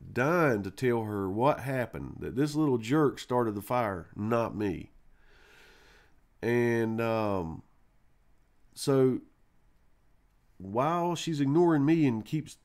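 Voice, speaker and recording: A man's voice: medium pitch, a little mellow. A man hosting a live stream, telling a rambling childhood story casually, with swearing and fillers. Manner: rambling, profane, full of fillers like "man" and "you know".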